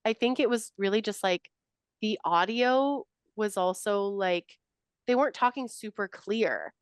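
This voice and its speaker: A woman's voice: mid-range voice, measured pace, smooth, no room sound, studio quality. A woman co-hosting a podcast, chatting casually, laughing often and joking with playful indignation. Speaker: podcast co-host. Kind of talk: casual chat.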